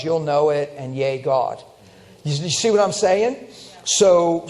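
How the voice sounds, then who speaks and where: A middle-aged man preaching a sermon, telling stories in an animated, emphatic way that climbs toward shouting. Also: on the high side. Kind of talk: storytelling sermon.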